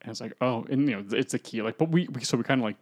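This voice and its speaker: A man's voice: medium pitch, rapid-fire, a little mellow. Man, podcast co-host, loose rambling retelling of a movie, slips into character voices. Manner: rambling storyteller who acts out characters. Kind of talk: casual podcast plot recap.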